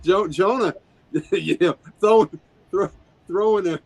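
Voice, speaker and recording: Guy on a podcast chuckling through his stories, keeps saying yep, pretty high voice. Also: measured pace, husky, low-quality recording. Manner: chuckling, gives short agreements. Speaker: podcast co-host. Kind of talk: casual chat.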